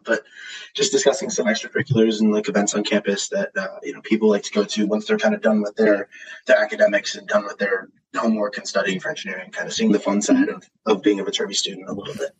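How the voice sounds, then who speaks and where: A young male student interviewer on a podcast, talking in a relaxed way with lots of fillers. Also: on the low side, quick pace, slight background noise, poor audio. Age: young adult. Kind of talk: casual podcast chat.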